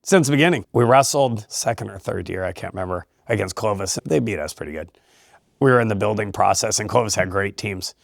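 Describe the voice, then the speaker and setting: A man who coaches high school wrestling, talking in a relaxed interview in an emphatic, motivational way and laughing often. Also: fairly quick, vocal fry, no room sound, studio quality. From California. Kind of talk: casual interview talk.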